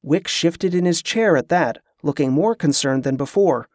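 A man narrating his own fantasy audiobook in a steady, measured way. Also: fairly high pitch, no echo, clean studio sound. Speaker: author and narrator.

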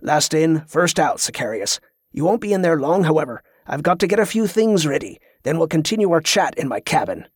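A man's voice: a little high, big pitch swings, fairly quick, husky, dry recording, studio quality. A man voicing a volatile, impatient ship captain who barks and snaps out demands. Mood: curt. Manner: barking, snapping, demanding.

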